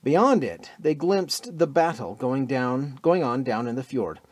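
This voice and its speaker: A man narrating a pulp adventure audiobook with a dramatic, expressive reading. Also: medium pitch, a little slow, dry recording.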